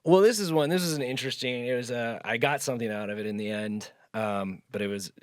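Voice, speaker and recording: A young man co-hosting a podcast, telling a long anecdote in a casual, animated way and acting out the voices in it. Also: medium pitch, fast talker, no echo, clean studio sound. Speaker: podcast co-host. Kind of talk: casual storytelling.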